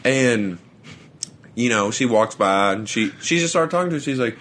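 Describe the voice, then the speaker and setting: A man's voice: medium pitch, animated, normal speed, a bit bright. A young man, co-hosting a podcast and telling rambling stories in casual chat, laughing often and stumbling over his words. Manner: rambling, laughs through his own stories, stammers and restarts. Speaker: podcast co-host.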